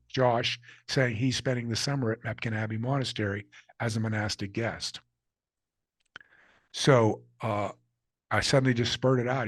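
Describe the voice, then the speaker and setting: A man's voice: mid-range voice, no echo. An older man, an author being interviewed, telling personal stories in an earnest, candid way and acting out the people he quotes. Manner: earnest, candid storyteller who acts out quotes. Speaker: author and guest. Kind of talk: reflective storytelling interview.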